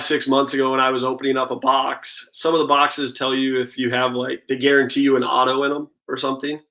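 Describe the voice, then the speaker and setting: A man in his thirties, a baseball pitcher, chatting casually as an interview guest and telling relaxed stories full of "like" and "I mean". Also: poor audio. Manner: relaxed storytelling, lots of "like" and "I mean".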